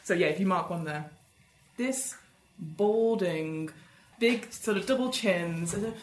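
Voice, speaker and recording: A woman's voice: medium pitch, slow. Playful woman game master narrating a tabletop game; echoey room. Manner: playful, laughing, counts down. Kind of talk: running a tabletop role-playing game. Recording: echoey room, faint noise.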